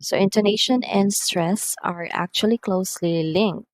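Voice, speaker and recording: A woman giving a recorded English lesson, explaining slowly and deliberately and reading out numbered example sentences. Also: medium pitch, no room sound, rough recording. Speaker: English teacher. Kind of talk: recorded online lecture.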